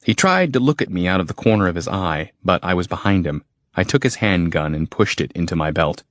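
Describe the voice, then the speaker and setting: A man narrating a first-person horror audiobook in a steady, terse storytelling manner, recorded close on a studio mic. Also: low voice, a little fast, dry recording.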